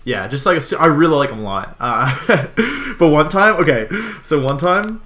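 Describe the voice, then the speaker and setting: A man's voice: on the high side, expressive, normal speed, sharp tone. A young man from Washington, D.C. chatting casually over a Pokémon match, rambling with lots of ums and self-interruptions. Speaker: Pokémon game streamer. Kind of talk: casual game commentary.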